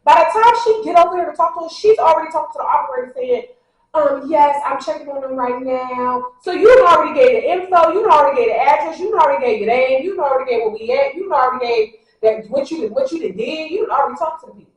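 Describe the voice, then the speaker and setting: A woman vlogger telling a story casually to her viewers, animated and acting out what people said. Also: high-pitched, very fast, hardly any pauses. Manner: talks straight to the audience, addressing them directly. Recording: very echoey, a bit far from the mic.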